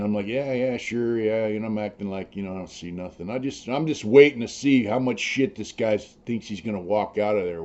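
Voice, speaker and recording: Gravelly-free low older man, lo-fi sound. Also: darkish tone. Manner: rambling, profane, peppered with "you know". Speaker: former prisoner telling his stories. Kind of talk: casual storytelling.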